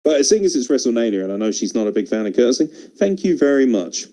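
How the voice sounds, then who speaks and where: A man's voice: medium pitch, sing-song, quick pace, warm tone, low-quality recording. A man hosting a wrestling podcast, reading out listener messages in casual, laughing, swearing banter. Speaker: podcast host.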